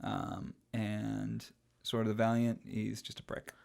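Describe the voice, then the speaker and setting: This podcast co-host chats casually about films in a fairly low, monotone voice with a darkish tone, speaking slowly with vocal fry. He's talkative but hesitant, full of fillers, and often slips into playful quoted voices. There's slight background noise.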